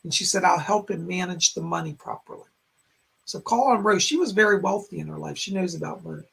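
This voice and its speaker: A man hosting a psychic live stream in a raspy, strained voice, relaying spirit messages in short, halting phrases. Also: high voice, fairly bright tone. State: strained, hoarse voice. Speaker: psychic medium host. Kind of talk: live-stream chat and readings. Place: home in a rural area.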